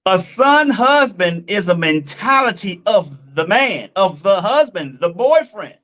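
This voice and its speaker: A man's voice: high voice, sing-song, a little slow, fairly bright tone. A man giving blunt, profane relationship commentary, repeating his points and calling his listeners folks and family.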